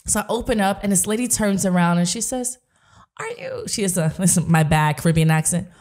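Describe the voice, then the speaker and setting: A woman's voice: lowish voice, fast talker, darkish tone. A woman hosting a podcast, telling stories in a chatty way with lots of "like" fillers. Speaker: podcast host. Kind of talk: casual podcast chat.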